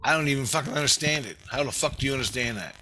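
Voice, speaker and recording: A man's voice: mid-range voice, racing, sharp tone, a little hiss or hum. A man ranting in a rambling, profane monologue, angry and swearing constantly. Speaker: vlogger.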